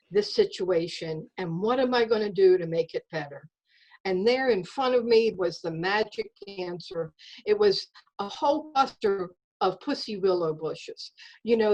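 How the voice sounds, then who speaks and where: An earnest woman tells a story from her own life at a measured pace. Her voice sits at an ordinary middle pitch. She speaks over a video call. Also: poor audio. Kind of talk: personal storytelling.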